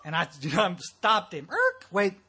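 A man's voice: a little high, moderate pace, sharp tone, husky. A man with a thick Texas accent giving a blunt, folksy, joking talk at a recovery meeting.

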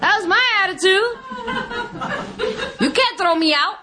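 A woman's voice: very high-pitched, unhurried, noisy background. A woman speaking at a recovery meeting, giving a humorous testimony and acting out the voices of people she quotes. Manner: lively, animated, acts out voices and laughs often.

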